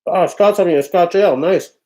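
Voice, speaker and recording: A man's voice: sits high, fairly quick, darkish tone. A man hosting a livestream from home, casually chatting and reading out viewer comments in a loose, offhand way. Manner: loose, chatty and offhand, often breaking into laughter. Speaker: livestream host.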